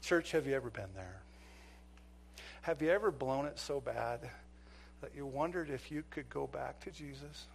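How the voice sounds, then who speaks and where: A man's voice: mid-range voice, animated, normal speed, vocal fry, pauses often, a little hiss or hum. Preacher in his fifties telling a police story. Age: 50s. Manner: dramatic storytelling, acts out dialogue, swings from shouting to near-whisper. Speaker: preacher and former police officer. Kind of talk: sermon with storytelling.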